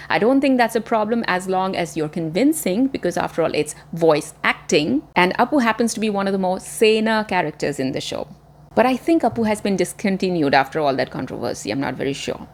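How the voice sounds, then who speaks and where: A woman's voice: medium pitch, animated, fairly quick. Chatty woman vlogger recommending shows. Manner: chatty, enthusiastic, conversational. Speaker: channel host, former media presenter. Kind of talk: casual talking-to-camera recommendations.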